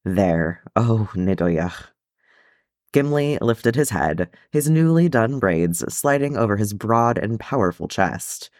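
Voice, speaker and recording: A man reading a fan fiction chapter aloud in an expressive storytelling manner. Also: medium pitch, measured pace, hardly any pauses, no room sound, studio quality. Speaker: audiobook reader.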